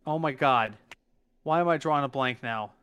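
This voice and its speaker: A man's voice: mid-range voice, moderate pace, smooth. A man co-hosting a podcast in casual chat, talking emphatically and stumbling over his words as he recalls things. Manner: emphatic, lively, restarts and stumbles when recalling. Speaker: podcast co-host.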